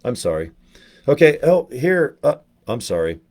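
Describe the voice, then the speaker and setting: A man's voice: mid-range voice, sing-song, darkish tone, voice pushed up. A man putting on the voice of his blunt, lecturing acting coach, firing questions at his students. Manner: pushy, lecturing, quick-fire questions. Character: blunt, coaxing middle-aged male acting coach.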